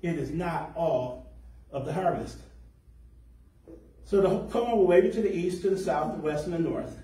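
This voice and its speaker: A man's voice: on the high side, animated, normal speed, mellow. Man teaching scripture in an echoey hall. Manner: explanatory, stretches key words for emphasis. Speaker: congregation teacher. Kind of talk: sermon on scripture. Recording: echoey room, voice from far off.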